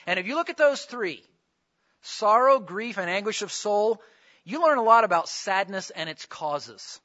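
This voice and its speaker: A man's voice: sits high, lively intonation, a little slow, bright, forceful tone, highs cut off. A man preaching a conversational sermon, asking his listeners questions as he goes. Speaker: pastor.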